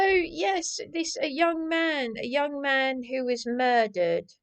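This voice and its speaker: A woman with a fairly high, clear, resonant voice vlogs in an agitated, rambling personal monologue. She repeats herself, keeps circling back and restarts often.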